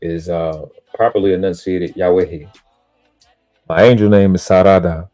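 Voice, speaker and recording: A man's voice: deep voice, steady tone, moderate pace, dark tone, soft background music. A man on a live stream lecturing about spiritual teachings in an emphatic, preachy way, swearing casually and boasting about himself. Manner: self-aggrandizing, spiritual teaching tone. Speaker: panel speaker on a live stream.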